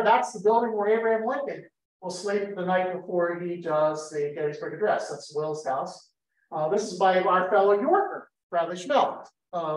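A man from giving a lively history talk to an audience, telling the story with energy and throwing questions at the room. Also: high-pitched. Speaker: history speaker. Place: lecture room in a history center. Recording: roomy hall, voice picked up from a distance.

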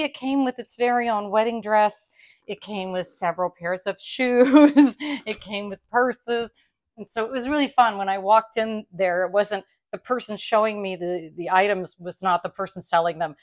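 A middle-aged woman talks to her viewers in a warm, chatty way. She laughs often and restarts her sentences as she tells a long story. Her voice sits at a middle pitch. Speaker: vlogger unboxing a clothing haul.

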